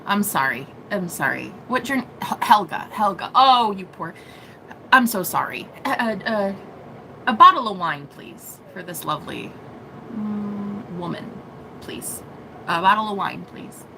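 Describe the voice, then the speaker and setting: A woman playing a flustered, lovesick young man on a date who stammers and rushes his apologies. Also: mid-range voice, lively intonation, a bit bright, a little hiss or hum, low-quality recording.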